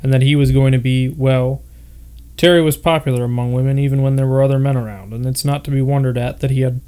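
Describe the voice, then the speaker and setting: A man's voice: medium pitch, steady tone, fast talker, warm tone, clear, resonant tone. A man reading an old novel aloud for his podcast, breaking off now and then to puzzle over odd words. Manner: stops to comment on odd words. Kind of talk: casual read-aloud with asides.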